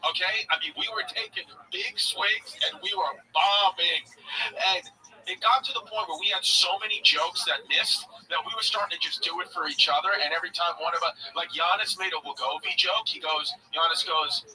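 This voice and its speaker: A man telling a candid, animated story about his own experiences in casual talk. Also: high-pitched, brisk, far from the mic, poor audio.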